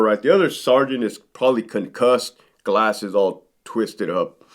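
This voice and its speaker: Animated man telling prison stories. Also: medium pitch. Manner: conversational, tags sentences with "right?". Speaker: former correctional sergeant. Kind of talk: storytelling to camera.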